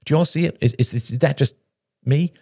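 A man's voice: on the high side, a little fast, darkish tone, breathy edge, dry recording, clean studio sound, pitched above the performer's own voice. A man voicing an agitated young man who presses his brother insistently.

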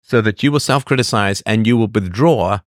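A man's voice: fairly quick, dry recording, studio quality. A man hosting a live stream, talking through chat messages in an opinionated way and repeating his points as rhetorical questions. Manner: animated delivery with lively pitch swings. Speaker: livestream host.

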